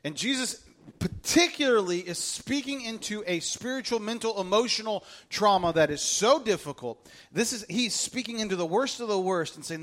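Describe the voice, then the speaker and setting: A pastor preaches to his congregation in a high-pitched voice at a normal pace. He tells the story casually and with jokes, animated and humorous, acting out the voices he quotes.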